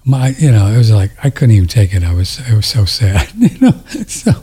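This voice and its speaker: A man's voice: lowish voice, very animated, a little fast, dark tone, breathy edge. A man telling a story in a casual chat on a studio mic, rambling, emotional and tender, often laughing.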